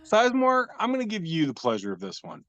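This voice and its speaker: Male podcast host, rambling and self-mocking, slightly high voice, lo-fi call sound. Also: huge pitch swings, fast, a bit bright. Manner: rambling, self-deprecating, swears casually. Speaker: podcast host reading memes. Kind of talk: casual chat, describing memes aloud. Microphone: video call.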